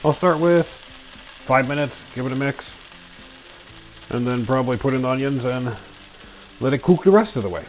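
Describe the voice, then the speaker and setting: A man's voice: mid-range voice, expressive, moderate pace, pauses often, slight background noise. A man chatting casually to himself while cooking in a small home kitchen, goofy and full of silly sound effects.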